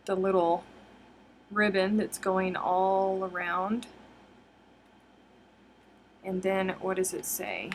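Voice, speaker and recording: Excitable, giggly woman chatting slowly. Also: mid-range voice, slight background noise. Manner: excitable, giggly, addresses viewers as you guys. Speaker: crochet livestream host. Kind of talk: live unboxing chat with viewers.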